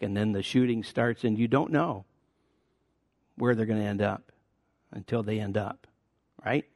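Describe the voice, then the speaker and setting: A sixty-something pastor preaches at normal speed, chatty and personal, leaping higher and louder to emphasize important words. The recording is dry and studio-clean.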